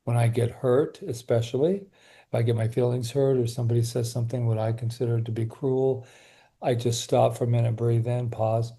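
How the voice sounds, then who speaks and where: Man, mid pitch, soft and earnest, drops quiet and slow a lot, mellow. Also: level tone. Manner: earnest, soft-spoken, often slowing and quieting. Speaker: guest, workshop leader. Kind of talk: reflective interview talk.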